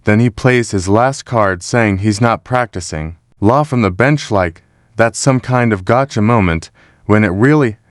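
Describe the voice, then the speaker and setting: A man narrates in a mocking, dramatic scripted style. His voice is low and the recording is dry and close. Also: measured pace, dry recording. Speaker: commentator.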